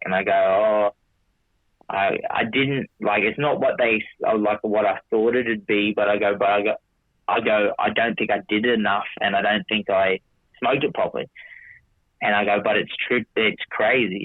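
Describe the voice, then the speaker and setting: A man's voice: on the low side, moderate pace, dry recording. A man telling a long story casually, with many restarts, swearing, and quoting himself in dialogue. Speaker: podcast guest. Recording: dry tinny phone-like audio.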